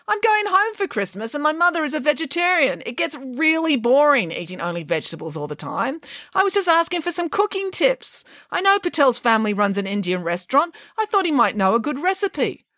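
A woman's voice: sits high, sing-song, a little fast, a bit bright, dry recording, clean studio sound, voice pushed up. A woman reading aloud and voicing a brooding, sulky teenage schoolboy who sounds defensive and whiny.

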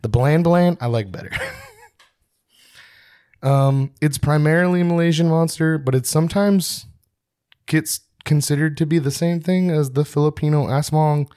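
A man's voice: fairly high pitch, moderate pace, pauses often, darkish tone, smooth, no room sound. Young guy cohosting a podcast, rambly, jokes at himself, dry close sound. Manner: rambling, self-mocking, laughs often. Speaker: podcast co-host. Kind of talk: casual chat.

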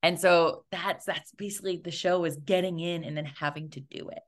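A woman's voice: lowish voice, steady tone, normal speed. A young adult woman casually telling a story as an interview guest, laughing often and acting out the voices in her quotes. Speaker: interview guest, playwright and performer.

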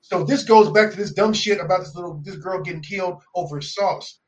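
A man co-hosting a podcast, telling a story in a casual, profane, animated way and acting out the people in it. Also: sits high, fairly quick, rough recording. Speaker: podcast co-host. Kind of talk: casual chat, storytelling rant.

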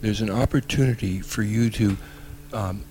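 A man guest expert explaining tantra in earnest, halting speech with many fillers. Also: fairly low pitch, fairly even intonation, a little mellow, slight background noise.

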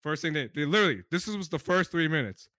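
Young man, podcast co-host, excitable, profane, very bright voice, dry sound. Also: fairly high pitch, fast, no room sound. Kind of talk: casual podcast chat.

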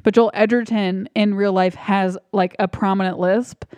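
A woman's voice: medium pitch, fairly even intonation, normal speed, a little mellow, no echo. A woman co-hosting a movie podcast, chatting casually and rambling a bit, laughing often. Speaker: podcast co-host.

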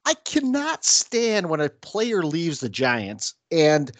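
A man's voice: fairly high pitch, huge pitch swings, slow, a bit bright, no room sound. Ranting man with upstate New York accent. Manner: ranting, mimics fans in sudden bursts. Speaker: podcast host. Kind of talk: casual sports chat.

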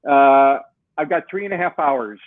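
A man's voice: fairly high pitch, moderate pace, no room sound. A man guest in an interview, telling a long story with animation and acting out the dialogue he quotes. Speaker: guest, software co-founder. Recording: tinny phone-like line.

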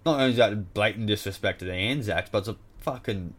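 Low-voiced, foul-mouthed Australian man ranting. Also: fast talker, fairly bright tone. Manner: heavy swearing, blunt and exasperated. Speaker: podcast host. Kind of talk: casual sports rant.

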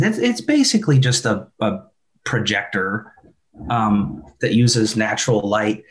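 A man in his forties co-hosting a podcast, chatting casually and goofing around with silly voices. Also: medium pitch. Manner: laid-back, goofy, acts out silly voices. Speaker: podcast co-host. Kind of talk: casual nostalgic chat.

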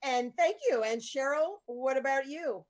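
A woman's voice: high-pitched, a little slow, slight background noise. A woman hosting a casual chat, bubbly and loose, now and then swearing. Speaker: host.

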